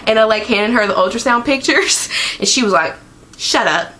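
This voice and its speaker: A woman's voice: fairly high pitch, brisk, bright, forceful tone, slight background noise. A woman in her twenties chatting to camera in a rambling vlog from home, full of "like" and "um". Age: 20s. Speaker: vlogger. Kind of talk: casual chat.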